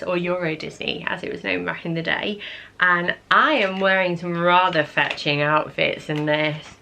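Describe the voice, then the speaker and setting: A woman's voice: on the low side, gravelly, a bit bright. A young adult woman vlogging casually to camera, chatty and nostalgic, full of "like" and "oh my gosh".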